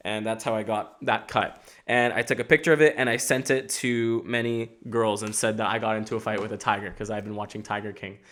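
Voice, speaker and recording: A young adult man with a lowish voice hosts a podcast, talking briskly. He rambles through an animated comic monologue, swears freely, and pokes fun at himself.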